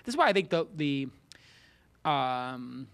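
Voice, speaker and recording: A man with a Brooklyn accent hosting a casual roundtable, talking in animated, opinionated, joking rants. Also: mid-range voice, slow, gravelly, smooth. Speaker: host.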